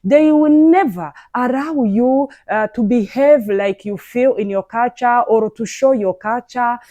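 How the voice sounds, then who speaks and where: A woman hosting a commentary, speaking earnestly with halting restarts. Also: fairly high pitch, warm tone, no room sound, dull audio. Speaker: commentary host.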